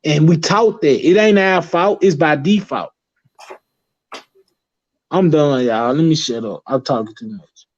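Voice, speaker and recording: A man's voice: fairly high pitch, a little slow, pauses often. A man talking as a guest in casual chat, rambling and emphatic, swearing freely. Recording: dull lo-fi recording.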